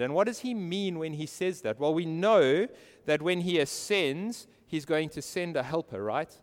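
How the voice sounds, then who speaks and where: A man's voice: fairly high pitch, expressive, normal speed, hardly any pauses. Earnest male preacher in a reverberant hall. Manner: earnest, asks the listeners direct questions. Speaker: pastor. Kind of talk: sermon.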